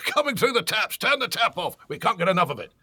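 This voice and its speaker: A raspy, boozy middle-aged British politician holds forth with a British accent, as a man puts him on for a comedy show. His voice is bright and husky, and his pitch leaps about. He talks in a cocky, rambling way and laughs a lot. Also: big pitch swings, a little fast, heavily acted. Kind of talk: comedic impression interview.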